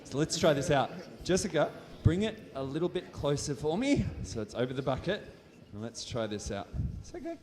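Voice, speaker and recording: A man's voice: on the high side, very animated, moderate pace, hardly any pauses, darkish tone. An Australian man presenting a live science demonstration on stage, playful and jokey with a volunteer and the crowd. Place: stage in a large hall with an audience. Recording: reverberant hall.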